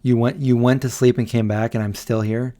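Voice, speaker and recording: Speaking a little fast into a desk mic, this weary livestream host rambles through a late-night stream, reading viewer messages aloud and answering them. He has a medium-pitched, dark voice with a level tone.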